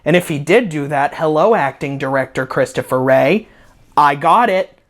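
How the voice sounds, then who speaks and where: A man's voice: on the high side, expressive, normal speed, a bit bright. Sarcastic, foul-mouthed man ranting. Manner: sarcastic, profane, rambling. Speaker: comedy video host. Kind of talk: comedic review rant. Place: at home with a dog.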